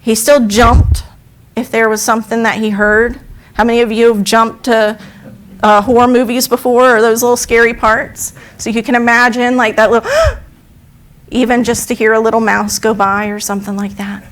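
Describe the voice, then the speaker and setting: A woman with a voice on the high side speaks at a moderate pace, captured on a rough recording. Speaking at a church service, she tells a parable as sermon storytelling in a conversational style, posing questions to her congregation.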